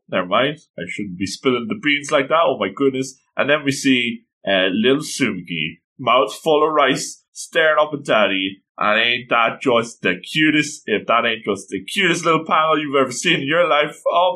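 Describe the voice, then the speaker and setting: A man casually reading through a manga chapter, gushing over it and doing quick voices for the characters. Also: mid-range voice, expressive, sharp tone. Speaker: manga reader and reviewer. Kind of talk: casual read-through commentary.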